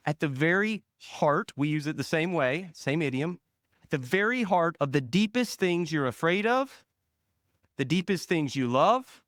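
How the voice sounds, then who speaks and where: A man preaching a sermon as pastor, leaning hard on single words and letting phrase ends fall soft and low. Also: animated, no echo, studio quality. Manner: slow, emphatic stress on single words.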